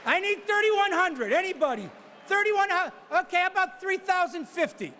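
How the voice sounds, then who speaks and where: A man working as a charity auctioneer, calling bids live at a gala, teasing bidders and shouting out numbers with whoops of excitement. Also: very high voice, moderate pace, slight background noise. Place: banquet hall at a charity gala.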